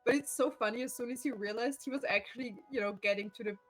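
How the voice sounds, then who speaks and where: A woman's voice: a little high, quick pace, soft background music, poor audio. A woman streamer chatting casually at home, telling stories with lots of laughter and swearing. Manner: laughs often, animated storytelling, swears freely.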